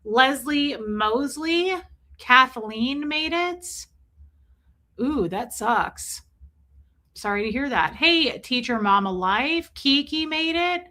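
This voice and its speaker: A woman's voice: high-pitched, lively intonation, takes it slowly, bright, forceful tone. A woman hosting a casual livestream, chatting and joking as she reads out viewers' names. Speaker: livestream host.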